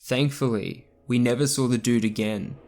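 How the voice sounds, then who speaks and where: A man narrating a true scary story in the first person, in a steady, scripted storytelling manner. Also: mid-range voice, moderate pace.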